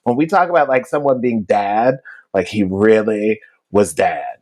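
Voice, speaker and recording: A man's voice: fairly low pitch, unhurried, a little mellow. A man and podcast co-host telling a personal story in casual conversation, chatty and laughing now and then.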